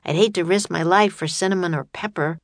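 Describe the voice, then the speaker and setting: A woman's voice: fairly low pitch, fairly quick, no room sound, clean studio sound, natural voice. A woman voicing a cautious, anxious young boy in a storybook reading. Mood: uneasy. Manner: worried, urgent outbursts.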